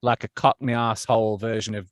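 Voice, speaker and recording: A man's voice: on the low side, flat delivery, brisk, no room sound. A man who narrates audiobooks, chatting casually as an interview guest, with lots of fillers and restarts. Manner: chatty, self-deprecating, many fillers and restarts.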